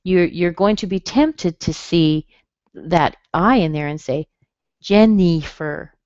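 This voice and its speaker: Teaching a pronunciation webinar, a woman patiently sounds out the syllables of names in a fairly low, expressive voice at a measured pace. Her tone is a little mellow. Captured on a computer mic, the audio is dry and slightly dull, with no echo.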